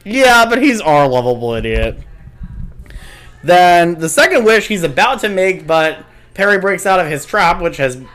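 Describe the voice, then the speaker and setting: A man co-hosting a podcast, animatedly retelling cartoon plots in casual chat. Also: a little high. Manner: animated retelling, puts on quick voices. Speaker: podcast co-host.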